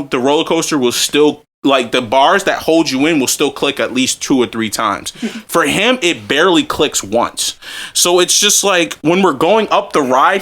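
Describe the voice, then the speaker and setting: A young man hosting a podcast, telling a story in casual chat, animated and profane, often breaking into laughs. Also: fairly high pitch. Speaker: podcast host.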